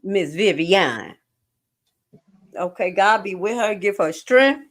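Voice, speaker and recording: Lively woman livestream host. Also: medium pitch, slow pace. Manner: animated, emphatic, jokey asides. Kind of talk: casual commentary livestream.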